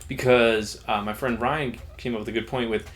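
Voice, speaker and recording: A man's voice: mid-range voice, normal speed. Laid-back young man cracking dry jokes. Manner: relaxed, matter-of-fact, wry jokes. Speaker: podcast co-host. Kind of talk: casual chat.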